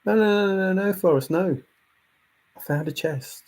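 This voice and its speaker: A man's voice: high voice, moderate pace, darkish tone, lightly acted. A man voicing a desperate treasure searcher as a hooked fish, begging over and over not to be thrown back. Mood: pleading.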